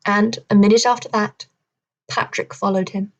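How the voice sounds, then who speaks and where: A woman narrating a children's adventure novel in a steady, measured reading voice. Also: mid-range voice, muffled recording. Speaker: audiobook reader. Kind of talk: storybook narration.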